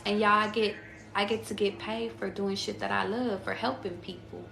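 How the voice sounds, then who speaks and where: A woman's voice: medium pitch, steady tone, normal speed, gravelly, fairly bright tone, echoey room, a little hiss or hum. A woman giving a casual tarot reading to her viewers. She talks in a slangy, profane, chatty way and calls them y'all. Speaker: tarot reader.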